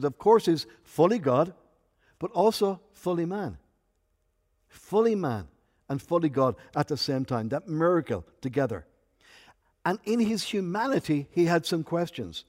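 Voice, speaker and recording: Pastor guy preaching, kinda high voice, goes quiet then loud, long hall echo. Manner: rises to loud emphatic peaks, drops to soft intimate asides. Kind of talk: sermon.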